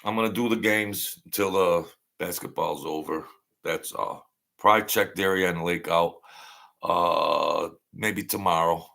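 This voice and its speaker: A man's voice: low-pitched, fairly even intonation, unhurried, vocal fry, pushed and bright. A middle-aged man, chatting bluntly and rambling on a casual livestream, often repeating himself. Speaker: livestream host.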